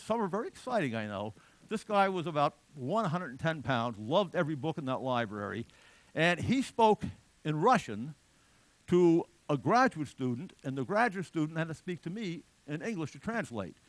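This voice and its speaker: Lively, chatty male lecturer. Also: a little high, dry recording. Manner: conversational, humorous storytelling with asides. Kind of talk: lecture with anecdotes.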